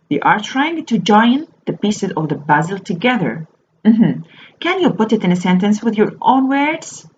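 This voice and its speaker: A woman teaching a slow phonics lesson to young children. She spells each word out letter by letter and repeats it. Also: mid-range voice. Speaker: primary school teacher. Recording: dull lo-fi recording with faint noise.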